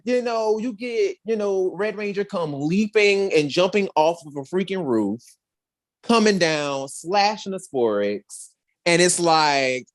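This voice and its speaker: A woman co-hosting a podcast review in casual chat, retelling scenes animatedly and acting out lines in exaggerated voices. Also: fairly low pitch. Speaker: podcast co-host reviewing a show.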